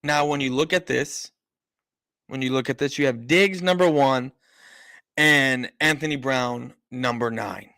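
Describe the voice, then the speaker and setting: A man's voice: mid-range voice, measured pace, gravelly, sharp tone, no room sound. A man hosting a live-stream sports show, ranting emphatically and repeating himself for effect. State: out of breath. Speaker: sports talk host.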